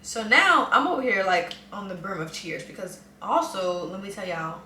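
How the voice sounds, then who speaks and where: A woman's voice: medium pitch, moderate pace. A woman, telling a chatty, dramatic story as a vlogger. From New Orleans, USA. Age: 20s. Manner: animated, chatty, dramatic retelling. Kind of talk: casual storytime. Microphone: camera mic. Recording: roomy echo, voice a bit off-mic, faint hum.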